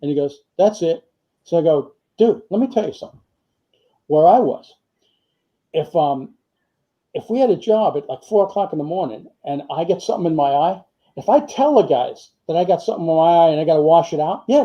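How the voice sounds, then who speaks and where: Older man, retired firefighter, high-pitched, rambling anecdotes, muffled lo-fi audio. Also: expressive, fairly quick. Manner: rambling anecdotes with many fillers and quoted dialogue. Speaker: retired firefighter and author, guest. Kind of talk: storytelling in a casual interview.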